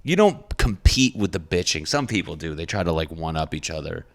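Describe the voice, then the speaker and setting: A man with a deep, low voice hosts his own podcast and rambles into the microphone. He thinks out loud, swears freely and circles back on himself as he talks it through. It sounds like a loose, candid solo monologue. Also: very animated, brisk, gravelly, a little hiss or hum. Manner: rambling, profane, self-reflective. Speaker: comedian and podcast host.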